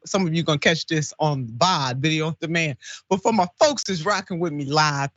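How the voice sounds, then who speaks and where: A woman's voice: on the low side, fairly bright tone, no room sound, muffled recording. A woman hosting a live-stream talk show, chatty and laughing often as she reads viewer comments. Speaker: host.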